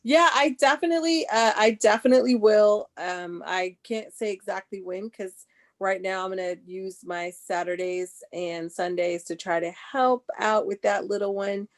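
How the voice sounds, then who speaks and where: An older grandmother in casual conversation, chatty and quick to tell stories, heard over a video call. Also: mid-range voice. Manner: chatty, laughing storyteller. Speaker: coaching guest.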